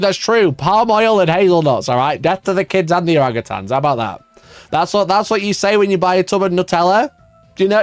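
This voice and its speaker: This livestream host answers his chat by mocking and swearing his way through a rant, breaking into frequent laughter. When exasperation hits, his voice jumps up high. There's no echo on the audio.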